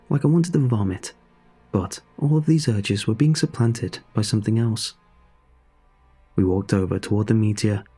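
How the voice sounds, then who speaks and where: A man reading a first-person horror story in a measured, dramatic storytelling manner. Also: mid-range voice, warm tone, breathy edge.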